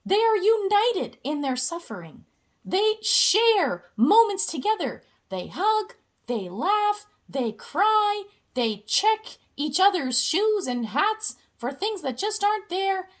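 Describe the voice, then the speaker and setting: A woman's voice: very high-pitched, sing-song, slow. A young woman giving a casual, playful explainer with jokey asides.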